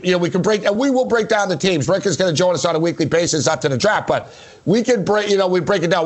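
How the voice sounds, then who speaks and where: A man's voice: high-pitched, animated, fairly quick. Chatty sports show host, man. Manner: chatty, rambling, joking. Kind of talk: casual sports talk.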